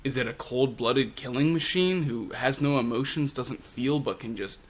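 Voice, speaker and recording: A man voicing a brooding young male fighter who speaks low, hushed and earnest. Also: normal speed, close to an everyday voice. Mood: grave.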